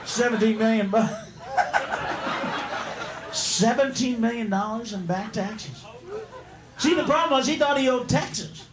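A man's voice: very high voice, unhurried, pauses often, very noisy. A man performing a profane, mocking stand-up comedy routine, laughing mid-line, at a live comedy venue. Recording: echoey live room with loud crowd.

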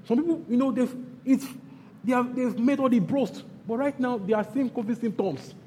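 A man with a Nigerian accent preaching a sermon as pastor, repeating his phrases and swinging between loud bursts and hushed lines. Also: very high-pitched, moderate pace, slight background noise. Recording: long hall reverb, faint background ambience.

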